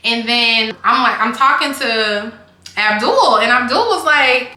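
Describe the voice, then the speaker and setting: Young woman for a rambling storytime vlog; higher voice, bright tone, echoey room. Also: animated, measured pace. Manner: chatty, rambling, heavy use of "like". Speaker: vlogger telling a storytime. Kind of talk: casual storytime chat.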